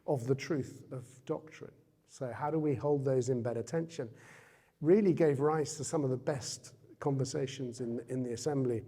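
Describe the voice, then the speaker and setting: Mellow-voiced man giving a hall talk. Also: mid-range voice. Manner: conversational, asks the audience questions. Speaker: guest speaker. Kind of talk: public talk to an audience. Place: Jesuit centre hall. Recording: reverberant hall.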